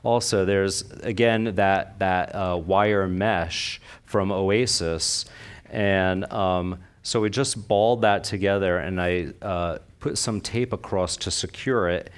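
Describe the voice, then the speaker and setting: A man with a very low voice walks an audience through his flower arrangements at a slow, unhurried pace. He is chatty and enthusiastic, often turning to the room with questions. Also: fairly even intonation, clear, resonant tone. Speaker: floral design presenter. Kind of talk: live design demonstration. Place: convention stage before an audience.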